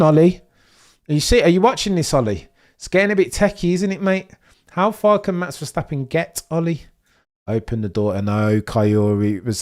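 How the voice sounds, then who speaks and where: A young man hosting a live race watch-along stream, chatting with viewers and reacting excitedly as the race unfolds. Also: medium pitch. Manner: excitable, chatty, reads chat messages, swings from muttering to excited shouting.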